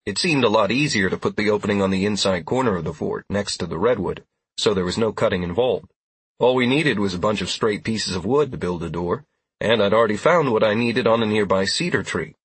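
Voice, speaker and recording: Man, audiobook narration, first person, steady, low voice, husky. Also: fairly quick, no room sound.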